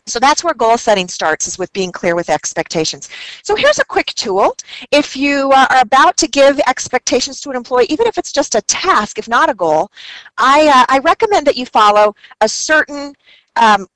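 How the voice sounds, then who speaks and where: A woman presents a webinar and teaches through stories and anecdotes. Her voice sits fairly high, and it is recorded dry and close with no room sound. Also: a bit bright, no room sound, poor audio. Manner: anecdotal storytelling, with quick asides.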